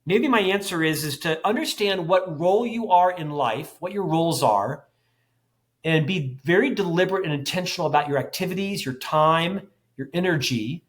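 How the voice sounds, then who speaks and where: A man's voice: on the high side, animated, normal speed. A man in his fifties, a podcast guest, talking intensely and animatedly with self-deprecating humor. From United States. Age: 50s. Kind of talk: podcast interview.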